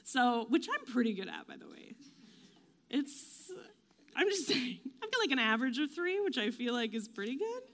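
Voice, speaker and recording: A woman giving a casual faith talk, chatty and self-deprecating, with lots of fillers and quick acted-out quotes. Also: fairly high pitch, sing-song, fairly bright tone. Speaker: devotional speaker.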